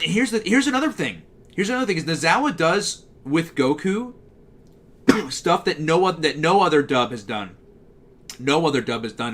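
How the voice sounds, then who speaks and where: Bass-baritone man chatting on a stream. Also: fairly bright tone. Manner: talkative, answers chat messages as they come in. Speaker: livestream host. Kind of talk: casual livestream chat.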